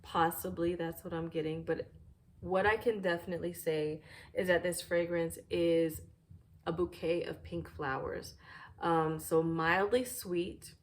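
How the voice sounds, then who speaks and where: A woman reviewing fragrances in a casual, thoughtful way, often pausing with "um" while searching for words, at home near a fireplace. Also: lowish voice, fairly even intonation.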